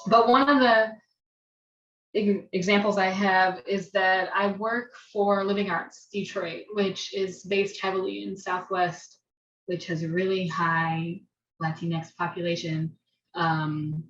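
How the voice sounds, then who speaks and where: An American dance teacher thoughtfully recounts her experience on a video-call forum, speaking slowly in a medium-pitched voice with fairly even intonation. She often restarts her sentences and laughs self-consciously. The video-call audio is roomy, distant and dull.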